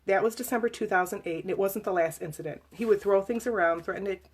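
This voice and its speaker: A woman reading aloud from her own memoir to a live audience, emotional and halting, with fillers and restarts. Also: mid-range voice, husky.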